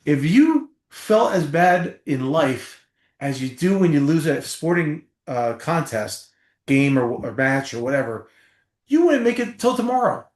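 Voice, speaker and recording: A middle-aged man from New Jersey speaks with a slightly high voice, telling animated stories as a podcast guest. His talk is emphatic and loose, with the odd curse, and the room gives it a roomy echo. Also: unhurried. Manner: animated storyteller, emphatic, swears casually. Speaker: podcast guest, former football player. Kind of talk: storytelling interview.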